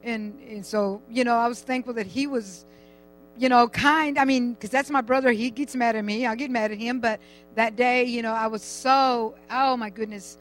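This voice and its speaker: A woman's voice: fairly high pitch, steady tone, normal speed, soft background music, poor audio. An older woman giving a rambling, chatty personal testimony in church, laughing now and then as she talks.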